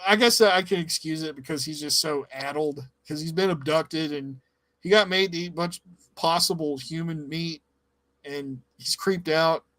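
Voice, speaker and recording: A man co-hosting a casual podcast chat, animated, swearing freely and laughing a lot. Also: on the high side, normal speed, no echo. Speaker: podcast co-host. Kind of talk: casual game review chat.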